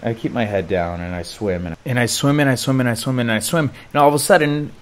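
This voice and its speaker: A young man in his twenties telling a personal story, animated and slangy, full of "like" and "dude". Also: mid-range voice, fairly quick. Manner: animated, slangy, lots of filler "like". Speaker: vlogger. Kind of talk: casual storytelling.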